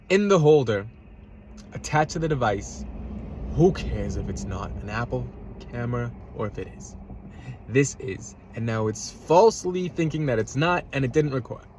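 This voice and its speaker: A man telling a road-rage story in a casual, agitated rant from his parked car, swearing and repeating himself. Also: mid-range voice. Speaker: vlogger. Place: parked car in a parking lot.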